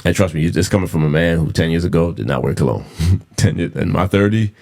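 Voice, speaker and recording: A man's voice: low-pitched, fairly quick, creaky, darkish tone. A man in his thirties hosting a casual solo podcast, blunt and profane, repeating himself for emphasis. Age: 30s. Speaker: podcast host.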